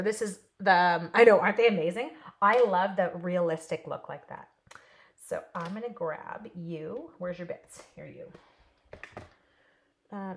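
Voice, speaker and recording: A woman teaching a live card-stamping class in a casual, chatty way, talking to her viewers by name. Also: mid-range voice. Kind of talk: casual live craft demo.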